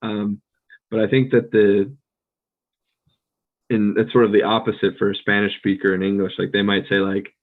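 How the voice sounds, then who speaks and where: An American man co-hosting a podcast, chatting casually with a relaxed, rambling manner full of fillers and restarts. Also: lowish voice, normal speed, phone-quality sound. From United States. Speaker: podcast co-host. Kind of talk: casual conversational chat.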